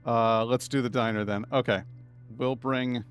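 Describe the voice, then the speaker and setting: A man talks a little slowly in a medium-pitched voice with fairly even intonation. He's a Massachusetts streamer with a New England accent, chatting casually over a video game, rambling and putting himself down in passing.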